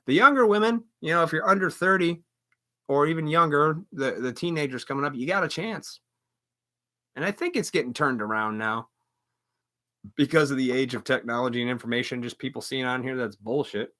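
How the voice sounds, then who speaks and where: A man's voice: medium pitch, brisk, bright, forceful tone. A man hosting a live stream, delivering an angry, profane rant full of mocking asides. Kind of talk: angry ranting monologue.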